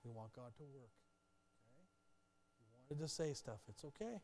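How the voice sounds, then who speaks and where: A man's voice: mid-range voice, animated, fairly quick, pauses often, warm tone. A man preaching a sermon as pastor in a church, talking candidly and joking as he speaks directly to the congregation. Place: church sanctuary.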